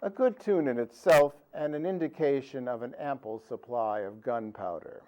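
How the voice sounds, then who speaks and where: A man giving a humorous history lecture with songs, delivering deadpan punchlines in a dry, pedantic way. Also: medium pitch, moderate pace, dull audio. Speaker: performer of a musical history talk.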